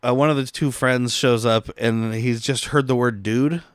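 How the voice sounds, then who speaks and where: Podcast co-host, male, resonant clear voice, dry close mic, animated recap style. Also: mid-range voice, moderate pace, dry recording. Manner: animated storyteller, acts out characters' lines. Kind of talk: casual movie recap chat.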